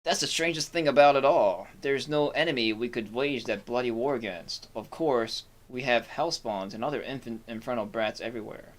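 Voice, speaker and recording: A man voicing a gruff, weary middle-aged male city sheriff in a fantasy game, reading the lines stiffly and stumbling over words. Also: mid-range voice, moderate pace, few pauses, natural voice.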